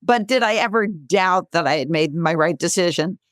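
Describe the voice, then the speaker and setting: A woman in her sixties, a guest author, telling a lively story in a podcast interview and acting out the quotes. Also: fairly low pitch, moderate pace, no echo, clean studio sound. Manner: lively, animated storyteller who acts out quotes.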